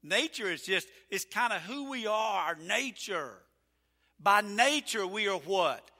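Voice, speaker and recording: A male pastor preaching a folksy, emphatic sermon, building to loud, drawn-out peaks. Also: high-pitched, lively intonation. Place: church sanctuary. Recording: reverberant church sanctuary.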